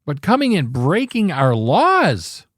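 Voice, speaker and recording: A man's voice: on the high side, wildly swooping pitch, takes it slowly, no room sound, clean studio sound. A man hosting a political talk show, ranting with angry, sarcastic emphasis and frequent swearing.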